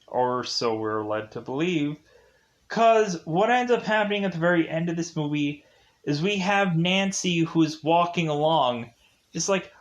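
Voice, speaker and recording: A man's voice: fairly high pitch, animated, measured pace. A young man casually recapping a film, rambling with many fillers and acting out the characters' lines. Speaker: film reviewer.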